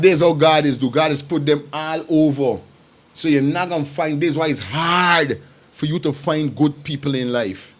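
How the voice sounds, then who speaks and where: Emphatic man hosting a livestream. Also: a little high. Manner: emphatic and repetitive, talks straight to viewers. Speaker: livestream host. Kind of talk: casual commentary.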